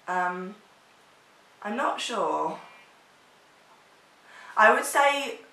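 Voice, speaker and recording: A woman's voice: medium pitch, expressive, extremely slow, pushed and bright. Woman, young adult, vlogger, chatty and rambly, casual chat, roomy echo. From England. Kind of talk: casual chat answering tag questions.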